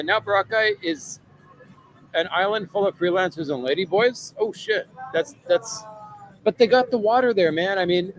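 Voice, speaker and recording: High-voiced man rambling to his chat. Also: a little hiss or hum, low-quality recording. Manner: rambling, filler-heavy, keeps asking "right?". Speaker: live streamer reading viewer chat. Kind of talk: casual livestream chat. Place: bar or restaurant.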